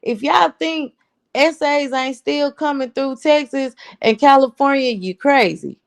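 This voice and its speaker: A woman's voice: high-pitched, a little slow, creaky. A woman, telling a story in a casual, blunt, profane rant. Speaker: host.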